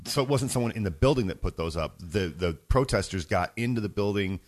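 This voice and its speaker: A podcast host reacting with short remarks and asking quick follow-up questions in casual chat. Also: male voice, on the low side, animated.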